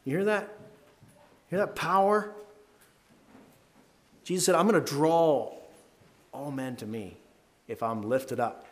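A man leading a devotional Bible talk. He reads scripture aloud and talks it through earnestly, rising in pitch and volume to stress key verses. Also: big pitch swings, a little slow, long pauses.

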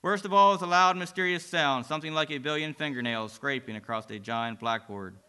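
A man narrating a dramatic religious story, swinging between loud and hushed delivery. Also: a little high, brisk, smooth.

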